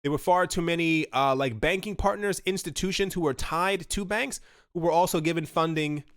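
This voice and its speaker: A man's voice: fairly high pitch, normal speed, a bit bright, smooth, dry recording, studio quality. A man commenting casually and with strong opinions on crypto news, talking loosely with many fillers and restarts. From United States. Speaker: crypto video host.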